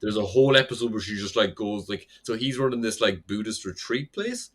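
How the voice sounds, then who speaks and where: Young guy on a podcast, a bit tipsy, rambling on with loads of "like", bright forceful voice. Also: on the low side, expressive, a little fast. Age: young adult. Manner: rambling recap full of "like" and swearing. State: slightly tipsy. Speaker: podcast co-host. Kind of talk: casual chat.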